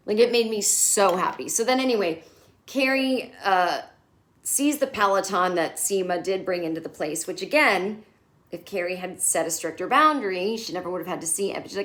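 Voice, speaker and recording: A woman's voice: fairly low pitch, normal speed. Candid, sarcastic woman recapping TV. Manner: candid, sarcastic, swears freely. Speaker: comedian host. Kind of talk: casual TV recap chat.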